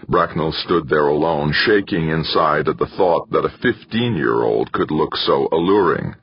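Very deep, husky male narrator. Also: lively intonation, normal speed, no room sound, dull audio. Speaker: audiobook narrator. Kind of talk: scripted narration.

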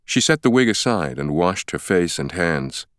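Deep, smooth male audiobook narrator. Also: no echo, clean studio sound. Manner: measured, steady reading. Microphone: close studio mic.

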